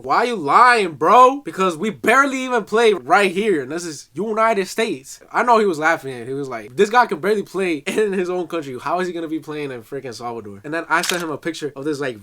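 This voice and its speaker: A young man with a bright, slightly high voice tells a prank story in a casual vlog. He talks into his phone with jokey energy and reads out text messages in a put-on voice. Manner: animated, reads out texts in a mock voice, jokey. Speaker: vlogger.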